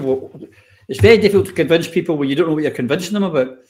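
A man's voice: a little high, racing, darkish tone. A man hosting an interview, speaking emphatically and putting pointed rhetorical questions. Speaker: host. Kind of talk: conversational political interview.

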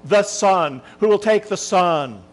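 A man's voice: sits high, lively intonation, slow pace. A man voicing a formal, persistent auctioneer who keeps pressing for bids. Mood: insistent.

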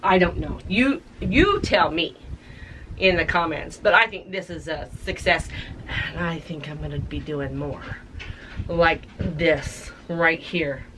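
A woman with a lowish voice talks slowly and casually as she works through a tie-dye project at home. She thinks aloud and gets excited, and a faint noise sits under the recording. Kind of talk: casual craft tutorial.

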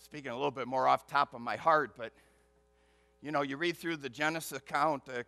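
A male pastor preaching a sermon emphatically, moving between loud stressed words and hushed asides, and building rhythm through repetition. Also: medium pitch, steady tone, a little fast, gravelly, dry recording, faint music behind.

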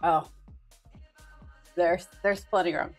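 A woman's voice: lowish voice, steady tone, takes it slowly. A young woman streaming live, chatting casually and greeting viewers by name, bubbly and giggly. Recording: with faint music behind.

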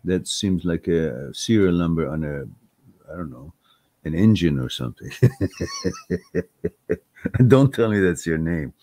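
A man's voice: deep voice, unhurried, long pauses, slight background noise. A man hosting a live-stream Q&A, talking bluntly and heatedly, firing off rhetorical questions and swearing when riled. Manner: rhetorical questions, animated delivery. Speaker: live stream host answering viewer questions.

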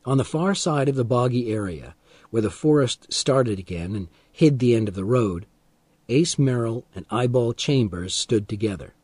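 A man narrating an audiobook of a graded reader in a slow, deliberate and expressive style. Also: mid-range voice, breathy edge, no echo.

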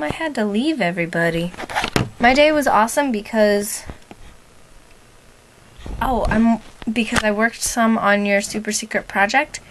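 A young woman making a chatty, rambling video diary for her boyfriend, excitable and fond. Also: on the high side, a little hiss or hum, poor audio. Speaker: vlogger. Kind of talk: casual video diary to a partner.

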